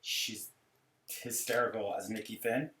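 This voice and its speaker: A man hosting a podcast, chatting in a rambling, animated, gossipy way. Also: lowish voice, a little slow, reverberant, slight background noise. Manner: rambling, animated, full of impressions. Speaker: podcast host. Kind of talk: gossipy casual chat.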